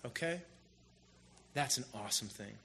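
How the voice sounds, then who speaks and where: Bright-voiced man preaching casually. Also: high voice, normal speed, a little hiss or hum. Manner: casual, storytelling, animated emphasis. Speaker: pastor. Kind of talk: conversational sermon.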